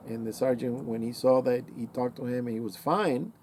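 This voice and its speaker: Casting: middle-aged man, mellow low-key tone, rambling conversational monologue with quoted asides. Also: fairly even intonation, normal speed, slight background noise. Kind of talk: casual opinion monologue.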